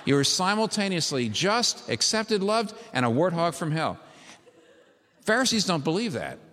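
A man's voice: on the high side, sing-song, normal speed, a bit bright, slight background noise. A man preaching a sermon, retelling a story vividly and with emphasis before leading a prayer. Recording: long hall reverb.

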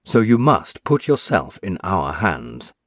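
A man reading aloud voices a stern, brisk male doctor who speaks firmly and insistently. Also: low-pitched, big pitch swings, a bit bright, dry recording, clean studio sound, heavily acted. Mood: stern, probing.

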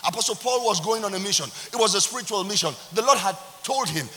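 A Nigerian-accented pastor preaches in a lively, high and bright voice, drawing responses from his congregation. The sound rings out with a long church-hall reverb. A faint hiss sits under it. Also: fast talker. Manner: animated preaching with laughs and call-and-response. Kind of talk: sermon.

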